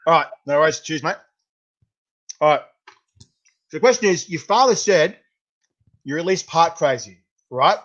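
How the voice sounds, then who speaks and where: A man's voice: fairly high pitch, expressive, a little slow, long pauses, fairly bright tone. Chatty Australian man, lo-fi audio. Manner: chatty, stumbling, repeats words. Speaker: podcast host. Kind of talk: casual interview. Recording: dull lo-fi sound.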